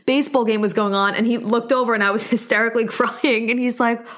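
A woman's voice: fairly high pitch, steady tone, quick pace, hardly any pauses, a bit bright. Chatty young woman sharing openly. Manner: chatty, open, leans heavily on "like"; earnest and encouraging. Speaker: solo podcast host. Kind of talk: casual personal monologue.

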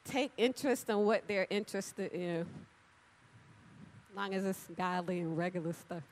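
A woman preaching an animated, chatty sermon, talking straight to the congregation and acting out little conversations. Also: mid-range voice, moderate pace, slight background noise. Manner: animated, chatty, addresses crowd directly; acts out dialogue with big voice swings. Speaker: church speaker. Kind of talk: lively sermon with storytelling.

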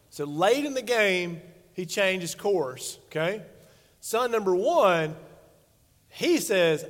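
Brief: man in his forties, pastor, high voice, joking conversational sermon, long hall reverb. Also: animated, takes it slowly, a bit bright. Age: 40s. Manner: playful, conversational preaching with acted-out quotes. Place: church sanctuary stage.

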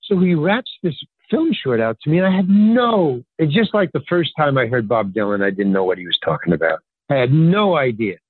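An older man telling a rambling story as a podcast guest, acting out the people in it with lively jumps in his voice. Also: fairly quick, few pauses, breathy edge, no echo. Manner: animated, acts out quoted dialogue with pitch jumps; rambling, filler-heavy, restarts sentences. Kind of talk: casual anecdotal storytelling. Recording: tinny phone-line sound, dry.

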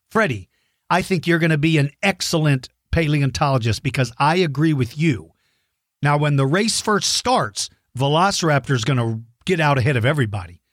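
A man's voice: on the high side, dry recording, studio quality. Playful man hosting a kids' dinosaur show. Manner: playful, self-correcting, reads out viewer messages. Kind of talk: friendly educational talk to children.

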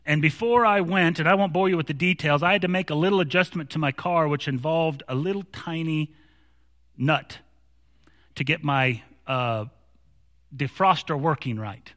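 A male pastor with a bright, forceful voice, preaching in an easy, storytelling way. His delivery grows animated as he stumbles through restarts, and the sound rings out with a long hall reverb. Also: fairly high pitch, normal speed. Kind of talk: sermon.

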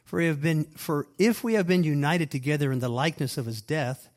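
A man preaching a sermon, reading scripture aloud and explaining it with emphatic repeated phrases, loud stresses and quiet asides. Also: fairly high pitch, a little fast. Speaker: pastor.

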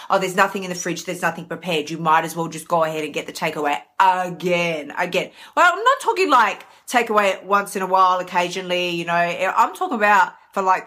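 An Australian woman, an emotional eating coach, talking energetically and casually on a live stream. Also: fairly low pitch. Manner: energetic, chatty, animated.

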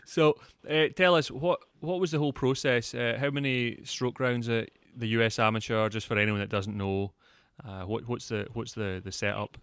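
A man with an Australian accent hosting a podcast, asking quick, friendly questions in casual chat. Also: medium pitch, steady tone, a bit bright, clean tone, dry recording, clean studio sound. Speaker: podcast host.

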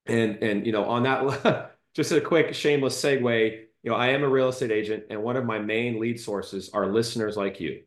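A man's voice: mid-range voice, moderate pace, hardly any pauses. A man hosting a podcast interview, chatty and friendly, with lots of fillers. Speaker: podcast host. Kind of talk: casual interview chat. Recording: echoey room.

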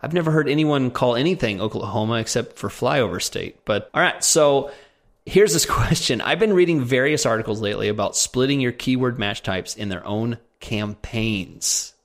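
A man's voice: mid-range voice, normal speed. A man co-hosting a casual question-and-answer show, reading out listener questions and teasing his co-host. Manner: joking, teasing. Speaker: podcast co-host.

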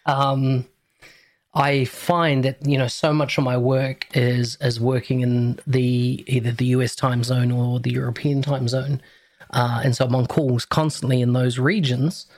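A man with a New Zealand accent hosting a podcast interview, chatting in a relaxed, rambling way. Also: mid-range voice, unhurried. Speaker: podcast host. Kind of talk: casual interview chat.

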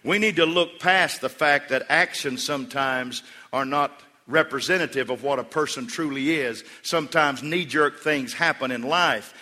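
Bright-voiced preaching pastor in a reverberant hall. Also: male voice, mid-range voice, moderate pace, few pauses. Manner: preaching with swings from hushed storytelling to loud emphatic calls. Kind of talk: sermon. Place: church sanctuary.

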